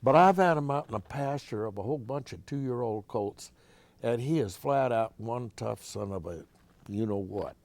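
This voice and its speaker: A man's voice: medium pitch, animated, normal speed, creaky, a little mellow. An older man voicing a blunt, persuasive horse dealer in his own story. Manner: blunt sales talk.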